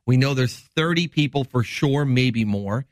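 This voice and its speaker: A middle-aged man from Wisconsin hosts a health talk show as a doctor, chatting casually. He explains things in a rambling, enthusiastic way at a middle pitch. The sound is close and dry. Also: unhurried, no echo. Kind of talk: casual chat.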